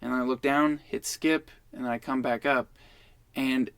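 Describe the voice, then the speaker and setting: A man's voice: mid-range voice, fairly even intonation, a little slow, creaky, a bit bright, clear, resonant tone, no echo. A man in his twenties, a podcast guest, telling a rambling, profane story in casual chat.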